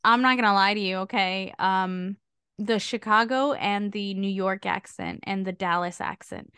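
A woman's voice: mid-range voice, normal speed, smooth, no echo. A woman from the United States co-hosting a podcast, chatting casually and making emphatic asides. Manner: animated and emphatic, asides with "okay?". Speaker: podcast co-host. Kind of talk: casual chat.

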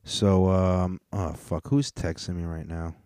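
Profane, rambling low-voiced man. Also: flat delivery, measured pace, warm tone, clear, resonant tone, dry recording, studio quality. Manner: profane, rambling, with frequent restarts. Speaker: podcast host. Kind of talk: casual comedic rant.

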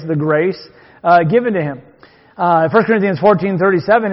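A man preaching a sermon as pastor, folksy and joking between readings from scripture. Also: sits high. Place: church sanctuary. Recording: long hall reverb, dull lo-fi sound.

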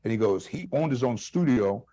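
A comedian with a husky, breathy edge and a Chicano English accent spins animated stories, acting out the people in them. He stumbles and restarts as he builds each scene, his voice sitting in an ordinary middle range. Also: medium pitch, normal speed. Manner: animated anecdotes with quoted voices, frequent restarts. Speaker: guest comedian. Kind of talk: storytelling interview.

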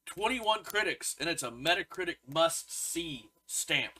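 A man's voice: a little high, expressive, a little slow, pushed and bright, low-quality recording. A man co-hosting a casual podcast, reading out review scores in a dry, matter-of-fact way. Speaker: podcast co-host. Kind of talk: casual movie review chat.

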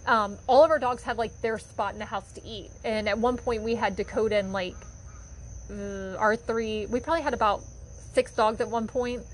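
A woman's voice: on the high side, steady tone, normal speed, a little hiss or hum, rough recording. Chatty woman telling foster stories. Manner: chatty, many fillers, gets emotional. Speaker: dog foster volunteer. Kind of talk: casual storytelling monologue.

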